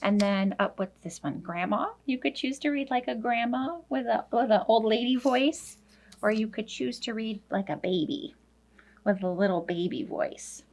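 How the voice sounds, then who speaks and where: A woman teacher working one-on-one with a young child, speaking slowly, simply and encouragingly as she explains a reading activity. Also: on the high side, darkish tone, a little hiss or hum. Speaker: elementary school teacher.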